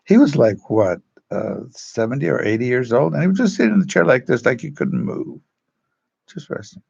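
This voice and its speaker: A man who teaches drama, telling rambling stories in a halting way and acting out quotes in changed voices. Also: medium pitch, sing-song, creaky, a little mellow, slightly rough, highs cut off. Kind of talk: storytelling, casual talk.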